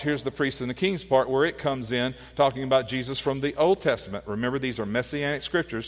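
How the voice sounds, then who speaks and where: A man's voice: mid-range voice, big-room sound. A man preaching a sermon, teaching earnestly with rhetorical questions and frequent restarts. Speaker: pastor.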